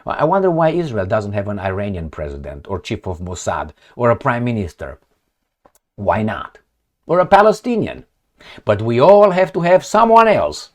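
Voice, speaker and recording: Sarcastic man ranting over a map. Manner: sarcastic and mocking, with scornful laughs; emphatic, jumping between loud bursts and low asides. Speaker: political commentary vlogger. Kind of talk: casual rant over a map and articles.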